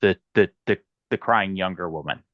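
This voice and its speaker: A man's voice: low voice, normal speed, dry recording. A man playing a tabletop game, hesitant and repeating his words. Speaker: player. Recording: dull dry lo-fi mic.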